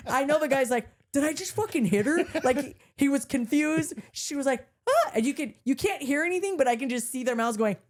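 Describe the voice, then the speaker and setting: A woman's voice: high voice, brisk, hardly any pauses. A woman podcast host telling a story in casual chat, laughing often and swearing freely as she acts out the other people in it. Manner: animated, laughing, swearing freely, acting out voices.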